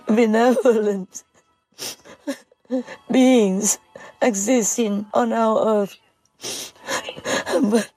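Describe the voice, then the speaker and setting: A woman giving an emotional spiritual address as a teacher, speaking haltingly with many pauses and fillers. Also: on the high side, dark tone, dry recording, low-quality recording.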